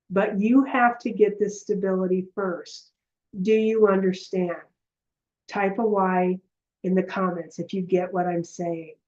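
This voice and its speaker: Animated woman teaching viewers live, muffled sound. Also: medium pitch. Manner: animated storytelling, speaks straight to viewers. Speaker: energy healer and heart coherence teacher. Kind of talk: live online teaching session.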